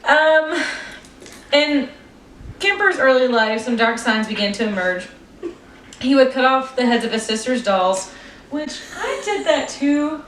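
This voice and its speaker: A woman's voice: high voice, animated, measured pace, pauses often, fairly bright tone, distant mic. A young woman co-hosting a casual true-crime podcast, reading her notes aloud and breaking into giggles and stumbles. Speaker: podcast co-host. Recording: roomy echo, voice off-mic, faint room noise.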